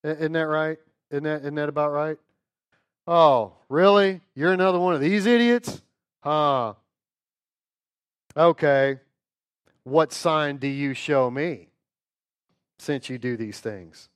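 A man's voice: a little high, completely flat delivery, fairly quick, smooth, no echo, studio quality, lightly acted. Scoffing male temple priest, chatty and dismissive, put on by a Bible teacher. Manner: sneering, chatty, mocking.

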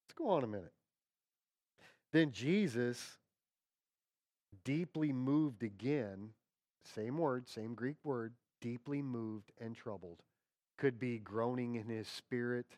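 A man preaching a sermon in a conversational, folksy way, checking in with his listeners and dropping to quiet tones for emphasis. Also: mid-range voice, no echo, clean studio sound. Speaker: pastor.

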